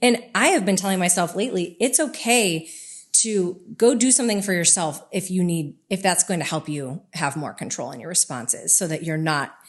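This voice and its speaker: Woman cohost, lowish voice, candid and personal, just chatting. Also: moderate pace. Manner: candid and personal, speaks from home life. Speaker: podcast co-host. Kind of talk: casual conversational podcast talk.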